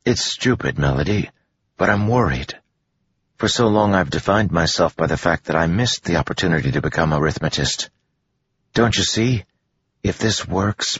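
A man voicing an earnest, self-doubting teenage boy in an audiobook, speaking in a hesitant, halting way. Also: low voice, expressive, a bit bright, slight background noise, pitched above the performer's own voice. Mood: worried. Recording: dull lo-fi audio.

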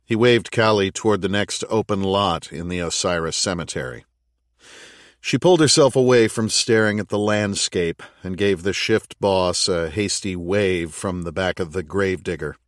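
A man reading an audiobook in steady, measured scripted narration. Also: sits low, no echo, clean studio sound.

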